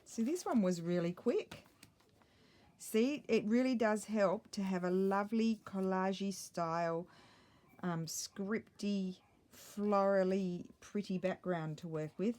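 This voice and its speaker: A woman's voice: mid-range voice, measured pace, darkish tone. A middle-aged woman chatting casually while she crafts, thinking aloud and muttering little asides to herself. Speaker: craft vlogger.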